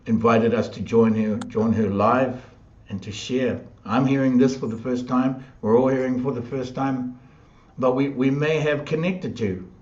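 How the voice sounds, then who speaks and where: An upbeat man hosts a live online chat and laughs easily as he talks. His voice sits at an ordinary middle pitch. The room rings around him, and the sound is slightly dull and muffled. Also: a little mellow, echoey room. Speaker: host.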